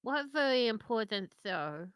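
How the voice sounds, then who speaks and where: A woman playing a tabletop game in character, playful and drowsy with a deadpan edge. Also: on the high side, a little slow, background noise. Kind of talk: in-character role-play.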